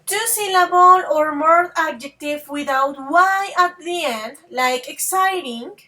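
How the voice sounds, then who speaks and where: High, bright-voiced teacher. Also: female voice. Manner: affectionate, calls students babies and dears; repeats okay and halting restarts. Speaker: English teacher. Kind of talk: grammar lesson to students.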